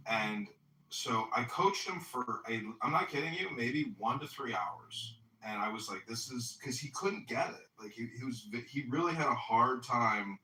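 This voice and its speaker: A man's voice: medium pitch, animated, moderate pace, pushed and bright, a little hiss or hum. Rambling man telling a profane story. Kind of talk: casual anecdote on a live audio app. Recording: echoey, distant app audio.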